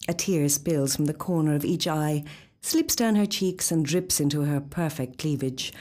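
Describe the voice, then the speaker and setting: A woman reading a short story in a wry, confiding, expressive first-person narration, recorded in a studio. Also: sits low.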